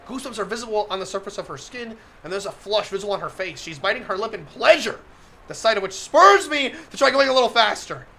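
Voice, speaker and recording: Bright, gravelly-voiced male streamer. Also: sits high, lively intonation, fast talker. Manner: flustered, laughs often, breaks off to comment. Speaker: streamer reading a visual novel aloud. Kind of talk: live stream reading with commentary.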